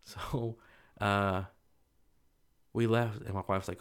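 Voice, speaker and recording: A man's voice: fairly low pitch, little pitch movement, slow, clear, resonant tone. A young man casually telling a personal story, loose and rambling, full of fillers.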